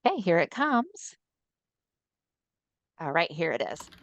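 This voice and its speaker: A woman's voice: on the low side, very animated, slow, highs cut off, a little hiss or hum. A woman trainer giving an upbeat, chatty webinar presentation over a computer mic on a video call. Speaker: assistive technology trainer.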